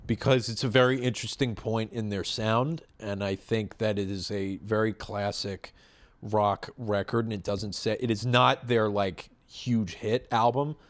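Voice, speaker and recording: A man with a fairly low voice chats casually as a podcast co-host. He tells stories in a loose, rambling way and keeps a relaxed, easygoing delivery. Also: measured pace. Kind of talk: casual chat.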